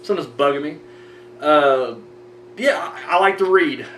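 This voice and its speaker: A man's voice: a little high, moderate pace, fairly bright tone. Guy ranting on his horror show, cussing, lots of restarts, sounds far off w/ a faint hum. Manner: rambling, profane, frequent restarts. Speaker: horror review show host. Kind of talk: casual ranting chat. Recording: roomy distant mic with faint hum.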